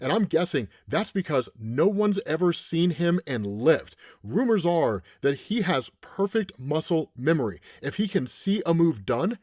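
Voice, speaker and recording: A man's voice: a little high, sing-song, measured pace, hardly any pauses, darkish tone, no room sound, studio quality. A man giving a casual, profane recap of a comic, often checking in with the listener. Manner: casual, profane, keeps asking "right?". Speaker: comics commentator.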